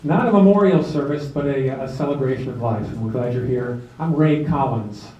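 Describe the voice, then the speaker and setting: A man's voice: mid-range voice, brisk, a little hiss or hum. Man addressing a crowd in an echoey hall. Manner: relaxed, folksy, with light jokes and many fillers. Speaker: officiant of a memorial service. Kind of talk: public address at a memorial. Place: club hall, speaking to a seated crowd. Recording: roomy, distant, dull amateur video.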